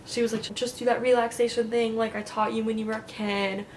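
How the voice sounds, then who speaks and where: A woman's voice: on the high side, level tone, fairly quick, a little hiss or hum. A young woman recovering from surgery tells her story in a chatty, casual vlog, full of "like" and quoted asides, laughing often. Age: young adult. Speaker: vlogger.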